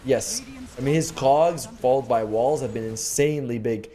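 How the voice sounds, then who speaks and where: A man giving relaxed, joking color commentary on an esports match. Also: medium pitch, moderate pace. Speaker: esports co-caster.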